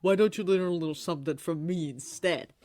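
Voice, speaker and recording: A woman voicing a defensive, sarcastic king of hell in a fan-made audio story, dropping to a lower, gruff tone. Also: brisk, darkish tone, no echo, studio quality, lightly acted. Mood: grumpy. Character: grumpy, flustered male king of hell, short and defensive.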